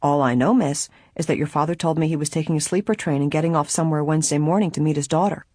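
A reader voicing a polite, matter-of-fact male hotel porter in a husky voice. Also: on the high side, fast talker, a little mellow, no room sound, studio quality. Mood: helpful.

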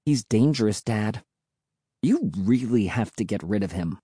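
A man's voice: lowish voice, expressive, measured pace, dark tone, husky, no echo, studio quality. A man voicing a bratty older sister who speaks shrilly and nastily, making demands. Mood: cold. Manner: nasty, demanding.

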